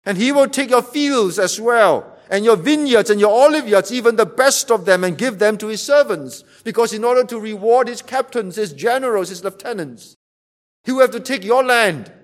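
A man's voice: high-pitched, lively intonation, normal speed. A man preaching a sermon, emphatic and repeating rhetorical questions to drive his point home.

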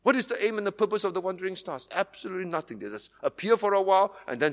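A man's voice: sits high, lively intonation, very fast, long reverb tail. A man from Singapore, preaching a sermon as pastor with earnest, emphatic repetition.

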